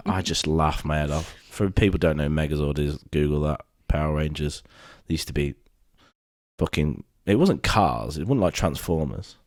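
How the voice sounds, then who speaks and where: A man's voice: a bass voice, normal speed, no echo, studio quality. A British man co-hosting a podcast, telling a story in casual chat with lots of swearing and acted-out quotes. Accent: British English. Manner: animated storytelling, heavy swearing, acts out quotes. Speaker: podcast co-host.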